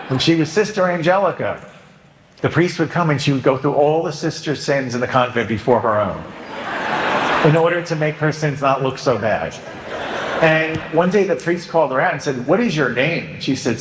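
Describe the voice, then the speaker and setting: A man, a Catholic priest, giving a humorous homily in a joking, animated way, now and then acting out penitents' voices. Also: on the high side, a little hiss or hum. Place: church. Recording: echoey church hall.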